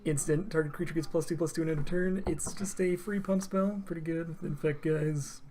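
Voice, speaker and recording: A man's voice: a little high, steady tone, a little fast, warm tone, slight background noise. A man hosting a casual card-game deck tech, rambling with lots of fillers and laughs.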